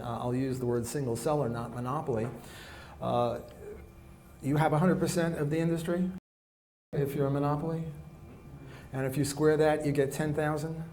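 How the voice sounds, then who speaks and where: Male economics lecturer, soft weak voice, a touch high; halting, rephrasing delivery, moving around the room with a pocket mic. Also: slight background noise. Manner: halting, often restarts and rephrases mid-sentence; walks around the room while talking. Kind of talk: classroom lecture. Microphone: recorder clipped on, kept in pocket.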